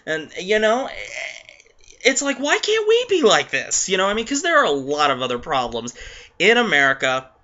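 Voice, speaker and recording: A man's voice: high voice, huge pitch swings, normal speed, bright, forceful tone, highs cut off. A man rambling through a casual video rant, with many restarts and fillers. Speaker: vlogger.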